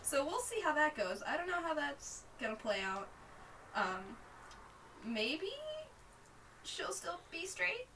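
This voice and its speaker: A woman chatting casually about her character in a tabletop game, unhurried and laughing easily. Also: high-pitched, very animated, sharp tone, recorded from a distance, a little hiss or hum, poor audio. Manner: laughing, unhurried, full of fillers. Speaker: player.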